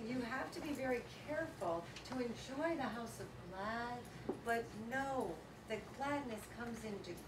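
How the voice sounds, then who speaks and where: A woman giving a lively motivational workshop talk to a live audience, telling stories animatedly and laughing often. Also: on the high side, normal speed. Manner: animated storytelling, acts out quotes, laughs often. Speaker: workshop speaker. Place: large hall with live audience. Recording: echoey hall, distant mic, audience noise.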